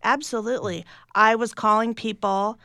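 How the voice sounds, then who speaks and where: A woman's voice: a little high, steady tone, normal speed, sharp tone, no echo, clean studio sound. A middle-aged woman, an author talking candidly and reflectively in a radio interview, often restarting her sentences. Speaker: author and guest.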